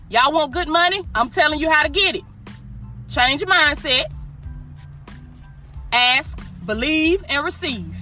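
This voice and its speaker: This motivational preacher speaks in a high-pitched, sharp tone, delivering an emphatic, informal sermon. She repeats her lines and addresses listeners directly with "y'all" and "baby."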